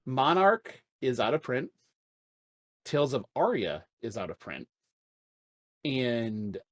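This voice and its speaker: A man co-hosting a casual podcast chat, talking in an animated, joking way with some swearing. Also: medium pitch, dry recording. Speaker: podcast co-host.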